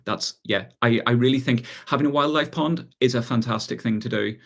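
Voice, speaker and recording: Man, Irish accent, casual livestream host, reads viewer questions, relaxed, laughs easily. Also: medium pitch, a little fast, gravelly. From Ireland. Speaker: gardening channel host. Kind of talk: casual live chat answering viewer questions.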